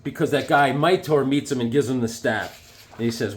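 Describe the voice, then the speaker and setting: A man's voice: mid-range voice, normal speed. A man casually chatting as he shows off his comic book collection, rambling and enthusiastic. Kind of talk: casual show-and-tell chat.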